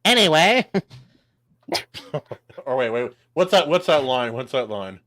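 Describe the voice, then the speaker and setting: A man's voice: medium pitch, very animated, measured pace, pushed and bright, no room sound, clean studio sound. A man hosting a casual podcast chat, telling corny jokes and laughing at them. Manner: jokey, laughs at his own puns. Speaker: podcast host.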